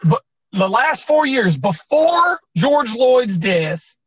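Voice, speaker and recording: A man's voice: extremely high pitch, very animated, slow, husky, no room sound, rough recording. A man co-hosting a podcast, telling stories in rambling, profane casual chat with lots of fillers. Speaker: podcast co-host.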